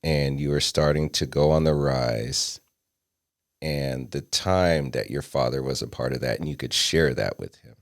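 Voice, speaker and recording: A man with a very deep voice hosts a podcast interview. He asks his questions gently and supportively. The recording is dry and close. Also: unhurried, creaky, no room sound. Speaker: podcast host.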